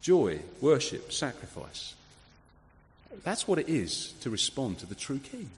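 Guy giving a sermon, chatty, asks the congregation lots of questions, big pitch swings, echoey hall. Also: unhurried. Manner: lively, conversational preaching with rhetorical questions. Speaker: preacher. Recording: long hall reverb.

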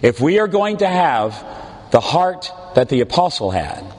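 A male pastor delivers a sermon in a slow, deliberate cadence, his pitch rising and falling with lively expression. His earnest, pleading tone carries through a large sanctuary, where a long reverb trails each phrase.

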